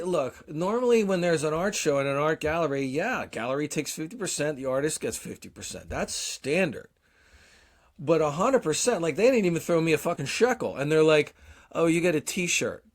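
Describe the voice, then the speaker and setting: A man in his forties, co-hosting a podcast, telling a long casual story, swearing often and mocking himself. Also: fairly high pitch. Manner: profane, self-deprecating storyteller. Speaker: podcast co-host.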